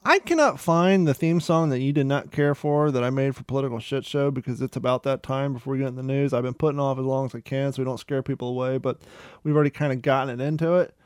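A man's voice: mid-range voice, quick pace, smooth, dry recording, studio quality. A middle-aged man from Ohio, co-hosting a podcast in casual, rambling, digressive chat with some profanity. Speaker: podcast co-host.

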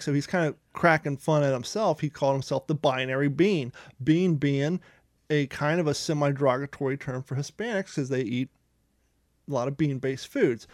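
A man's voice: fairly high pitch, a little mellow, dry recording, clean studio sound. A middle-aged man from Ohio, co-hosting a podcast in casual, rambling, digressive chat with some profanity. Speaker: podcast co-host.

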